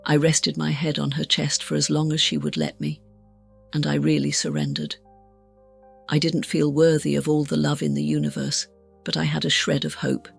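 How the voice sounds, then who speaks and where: Gravelly, husky woman telling her story. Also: low voice, level tone, normal speed, faint music behind. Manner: frank, blunt and self-mocking, voices her past self with urgency. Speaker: guest sharing a near-death testimony. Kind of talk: candid personal storytelling in an interview.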